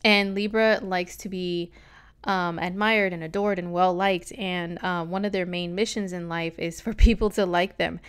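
A woman talks through an astrology reading in a loose, sassy vlog style. Her voice is smooth and clear at a middling pitch. She keeps tossing slangy asides to her viewers as she goes. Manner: chatty, sassy, slangy, lots of "okay?" asides.

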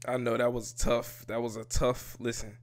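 A man's voice: mid-range voice, flat delivery, normal speed, over music. A man hosting a reaction video, talking casually in slang and breaking into helpless laughter. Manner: laughing fits, pleading, slangy.

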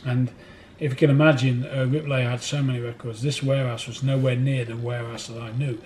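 A man's voice: mid-range voice, level tone, brisk, darkish tone, slight background noise. A man being interviewed in a record warehouse, rambling through anecdotes and laughing as he tells them. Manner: rambling, laughs through his stories, acts out other people's voices. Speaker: record collector telling stories.

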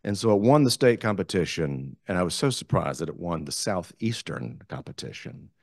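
A man with a Southern US accent, a community theater director telling animated stories as a guest speaker at a club meeting. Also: sits low, normal speed, creaky, no echo, clean studio sound. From South Carolina, US. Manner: animated, enthusiastic storyteller. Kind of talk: storytelling talk to a club.

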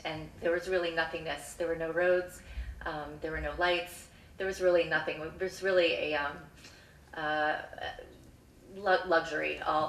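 A woman on the school committee telling a travel story at a live story slam, measured and earnest, pausing often with "um". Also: sits low, fairly bright tone, a little hiss or hum. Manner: measured, earnest, frequent "um" pauses. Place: stage in a hall. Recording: echoey hall, mic from far off.

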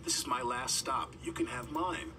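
A man's voice: medium pitch, moderate pace, distant mic, noisy background, close to an everyday voice. A man voicing a small, nervous young male tank engine in a storybook, speaking timidly and with worry. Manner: timid, worried.

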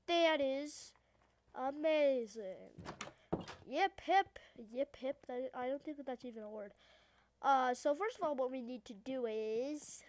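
Hyper high-voiced Australian woman gamer. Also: darkish tone, a little hiss or hum. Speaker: gaming YouTuber. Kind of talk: casual let's-play commentary.

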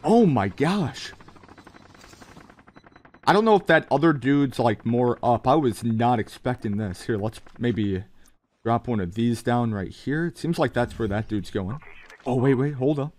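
Excited gameplay commentary comes from a young man playing a mobile shooter on stream, full of exclamations as he addresses his chat and calls the action. He speaks unhurriedly in a mid-range, expressive voice with a darkish tone. Audio quality is poor.

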